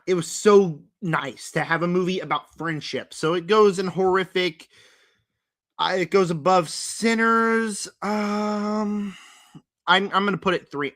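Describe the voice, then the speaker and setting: A young man talks through his horror movie rankings as casual vlog commentary, rambling loosely, using lots of fillers, and stressing his points hard. His bright voice runs a touch high, cracking now and then as he clears his throat.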